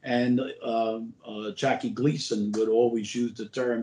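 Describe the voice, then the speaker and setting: A man's voice: medium pitch, little pitch movement, unhurried, mellow. Older man telling rambling anecdotes, roomy echo. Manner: rambling anecdotes full of "uh" and restarts. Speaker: former borough president, guest. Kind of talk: casual interview storytelling.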